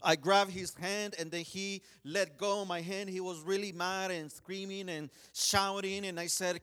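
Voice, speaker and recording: A man preaching a sermon, telling a personal story in an earnest way, often restarting and saying "you know", swinging between urgent pleas and hushed quiet. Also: high voice, steady tone, normal speed, hardly any pauses.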